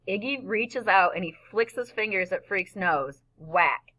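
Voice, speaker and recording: Bright-voiced woman reading a story. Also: medium pitch, animated, a little slow, hardly any pauses, rough recording. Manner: plain storytelling in a boy's first-person voice. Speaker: audiobook narrator. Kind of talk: scripted narration.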